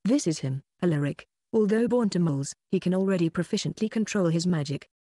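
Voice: mid-range voice, expressive, fairly quick, mellow, no room sound, studio quality, lightly acted. An audiobook narrator voicing a friendly, enthusiastic old male wizard who explains things. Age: older. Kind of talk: audiobook character voice.

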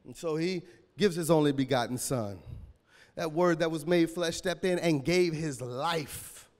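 Male pastor, high voice, AAVE, shouting sermon with a cracking voice, echoing church hall. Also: unhurried. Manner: preaching with call-and-response and sudden shouts.

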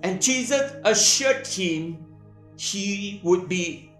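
Slow, measured woman preaching. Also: mid-range voice, lively intonation, fairly bright tone, reverberant, soft background music. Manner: slow, measured delivery in short phrases. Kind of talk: sermon with live interpretation.

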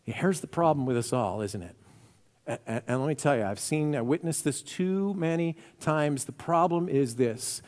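A male pastor preaching a sermon in a church, telling the story with animated energy and acting out the quotes. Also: fairly high pitch, normal speed. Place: church sanctuary. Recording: reverberant church hall.

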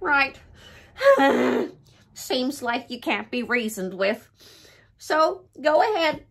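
A woman's voice: sits high, very animated, extremely slow, breathy edge. A woman reading a picture book aloud in a dramatic, pleading, playful way, as the host of a storytime channel.

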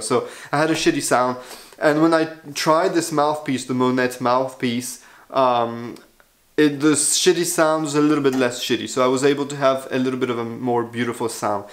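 Guy chatting casually about his trombone gear, frank and a bit self-mocking. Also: mid-range voice. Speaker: trombone player reviewing gear. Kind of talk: casual video review.

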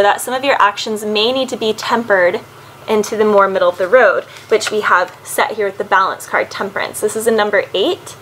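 A woman's voice: mid-range voice, a bit bright, slight background noise, rough recording. A woman giving a casual spoken tarot card reading, earnestly advising the listener and often addressing them by their zodiac sign.

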